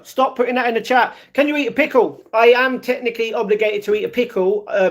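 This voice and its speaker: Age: adult. Sex: man. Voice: very high-pitched. Style: upbeat live-stream chat. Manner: upbeat, chatty, greets viewers by name.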